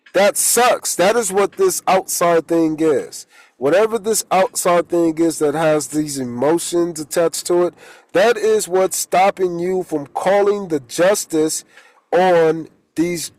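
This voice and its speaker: A man's voice: high-pitched, no echo, poor audio. A man, a holistic coach, giving a rambling, casual spiritual talk and swearing when he gets heated.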